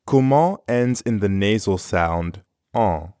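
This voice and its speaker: A man with a somewhat low voice explains phrases step by step. His delivery is scripted, clear and encouraging. The sound is dry and close. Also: expressive, unhurried, no room sound. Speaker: co-host of audio lessons. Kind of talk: scripted lesson narration.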